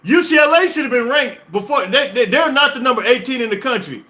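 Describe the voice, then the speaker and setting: An excited man hosting a sports reaction stream, talking emphatically, repeating himself and laughing often. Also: very high-pitched, brisk. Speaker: podcast host. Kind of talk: live-stream sports reaction, reading chat.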